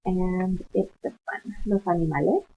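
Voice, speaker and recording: Over tinny, phone-like lo-fi audio, a woman teaching Spanish walks students through their online coursework via screen share, blending English with Spanish words. She speaks patiently in a fairly low, husky voice with a steady tone and moderate pace.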